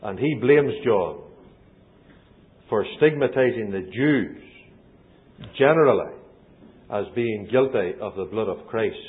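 A man's voice: fairly low pitch, takes it slowly, long pauses. A man earnestly explaining a point in a Bible study discussion. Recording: tinny phone-line recording.

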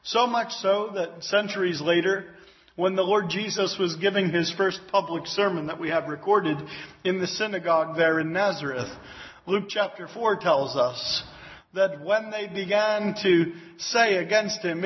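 Brief: earnest male preacher, fairly high voice, teaching Scripture with emphasis; lo-fi, muffled tape. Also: unhurried. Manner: earnest and emphatic, with exclamations of praise. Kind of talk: expository Bible teaching. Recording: dull lo-fi recording.

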